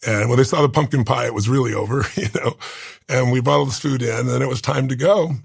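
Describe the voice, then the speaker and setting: A man in his sixties with a gravelly, husky voice. He tells a deeply personal story in an interview, earnest and intense. The sound is dry and close to the mic. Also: quick pace, no echo. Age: 60s. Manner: earnest, intense, rough gravelly voice, moved to tears. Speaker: interview guest.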